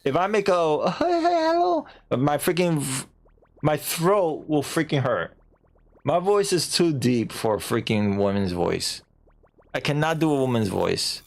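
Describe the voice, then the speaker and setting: Animated chatty male streamer. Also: medium pitch, a little slow, vocal fry, faint music behind. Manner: animated, chatty, self-mocking, breaks into silly put-on voices. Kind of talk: casual let's-play chat.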